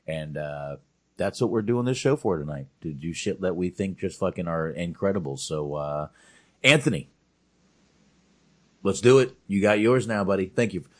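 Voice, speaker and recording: Low-voiced blunt, profane man. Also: lively intonation, normal speed. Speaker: podcast co-host. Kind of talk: casual chat about movies.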